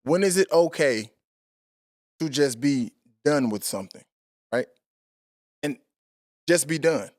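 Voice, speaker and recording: Male podcast host, 30s, blunt and cussing, fairly high voice, dry studio sound. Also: takes it slowly, pauses often, dry recording. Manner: blunt, profane, animated. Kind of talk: casual chat.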